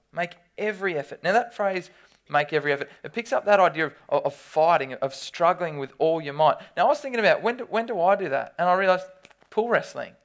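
A preacher giving a sermon, reading scripture aloud and breaking into lively, dramatic storytelling with loud bursts. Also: mid-range voice, moderate pace. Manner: reads scripture aloud between explanations.

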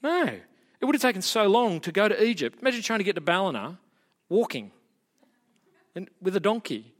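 A man preaching a sermon as a pastor, telling the story in an animated way and building to emphatic peaks. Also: high voice, brisk, pauses often, big-room sound.

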